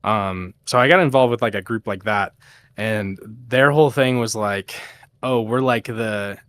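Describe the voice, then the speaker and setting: A young man telling stories in casual chat. He swears a lot and acts out quoted people in a much higher voice. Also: normal speed, fairly bright tone, dry recording. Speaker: podcast guest, VR DJ.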